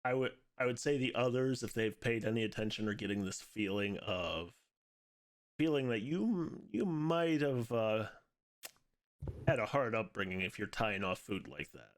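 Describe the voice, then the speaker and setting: A man running a tabletop game as game master, speaking in a relaxed, somewhat hesitant way. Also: lowish voice, normal speed.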